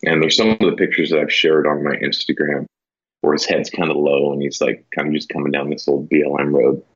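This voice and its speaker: A man's voice: very deep voice, level tone, fairly quick, slightly rough. A man telling a hunting story in a casual, rambling way, filling his talk with "you know" and "like". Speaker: podcast guest, elk hunter. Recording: dull lo-fi sound.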